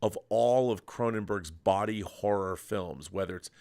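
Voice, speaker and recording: A man's voice: on the low side, unhurried, gravelly, a little mellow. A middle-aged man hosting a podcast, chatting casually and enthusiastically about films, rambling with restarts. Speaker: podcast host. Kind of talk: casual film chat.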